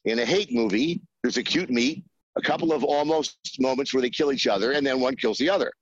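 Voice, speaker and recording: A man telling a behind-the-scenes anecdote in an interview, halting with many fillers and acting out the voices he quotes. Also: mid-range voice, no echo, muffled recording. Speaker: screenwriter guest.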